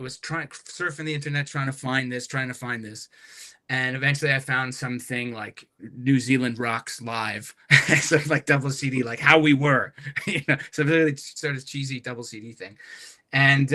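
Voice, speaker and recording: Bright-voiced man telling a rambling story. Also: medium pitch. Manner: rambling, animated anecdotes with many restarts. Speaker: guest musician. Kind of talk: casual podcast storytelling.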